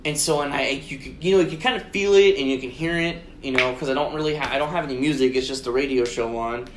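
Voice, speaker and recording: A man co-hosting a podcast, telling a story in casual chat, swearing constantly and acting out his own shouted lines. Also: mid-range voice, fast, noisy background. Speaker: podcast co-host. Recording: roomy echo.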